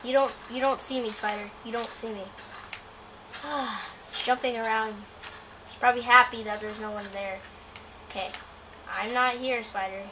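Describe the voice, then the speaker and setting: Woman kinda high voice doing gameplay commentary, nervous, keeps repeating herself and talking to the game, steady hiss behind it. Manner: anxious, talks to the game and repeats phrases. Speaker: gamer, channel host. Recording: clear steady background noise.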